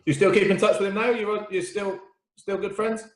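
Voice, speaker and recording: Male interviewer, quick and a little high-pitched, stumbling questions; echoey room. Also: steady tone. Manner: quick, friendly, stumbling questions with repeated words. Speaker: club interviewer.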